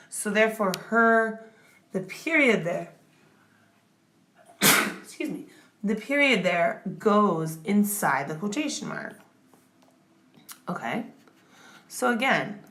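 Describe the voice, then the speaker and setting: A woman tutors grammar in a mid-range, fairly bright voice. She breaks things down step by step like a classroom explanation, patiently pausing to ask "okay?" or "right?".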